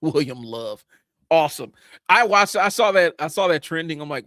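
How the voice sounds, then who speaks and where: Animated and fairly bright, this man's voice runs a little high at a normal speed with no room sound. In his forties, he hosts a livestream of casual comic book commentary, blunt and sometimes swearing, rambling with frequent fillers and restarts.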